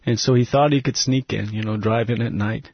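Low, husky man telling an earnest story. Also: fairly even intonation, a little fast, dry recording, muffled recording. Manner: earnest, drops to a hushed, breathy voice at tender moments. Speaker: missionary guest. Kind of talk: emotional storytelling testimony.

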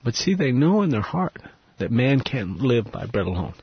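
A man, a missionary guest in an interview, telling an earnest, emotional story and dropping to a hushed voice at tender moments. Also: medium pitch, big pitch swings, normal speed, husky, no room sound, lo-fi sound.

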